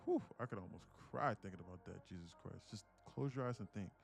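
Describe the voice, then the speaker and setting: A man with a fairly low voice hosts a casual live stream, chatting straight to his viewers. He talks in a reflective, personal way. Soft music plays quietly behind him. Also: expressive, fairly quick, creaky. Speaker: live-streaming day trader host.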